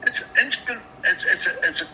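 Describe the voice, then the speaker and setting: A man talks over a phone line with a steady hiss behind him. His voice is bright and lively, rising and falling a lot. He swears often and stumbles over repeated words. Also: high-pitched, brisk. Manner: swears often, stammers and restarts. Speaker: caller. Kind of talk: agitated phone call. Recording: phone line with background noise.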